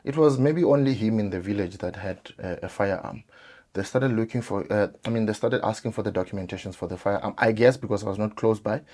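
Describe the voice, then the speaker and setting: A South African man talking casually to viewers, telling a childhood story with lively acted-out quotes and many fillers. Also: on the low side, a little fast. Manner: animated, acts out quoted voices, frequent fillers.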